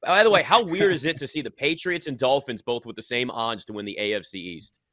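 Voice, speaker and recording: Man, sports talk host, emphatic, bright tone, dry sound. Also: medium pitch, a little fast, no echo. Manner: emphatic, opinionated.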